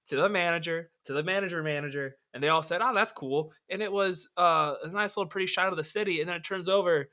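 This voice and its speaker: A man co-hosting a podcast in casual sports chat, animated and quick to laugh, swearing casually. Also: fairly high pitch. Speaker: podcast co-host.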